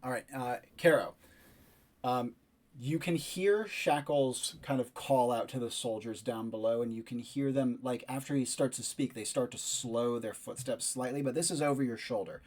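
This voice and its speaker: A man with a mid-range, slightly mellow voice runs a tabletop game as game master. He describes scenes in a measured way, using fillers.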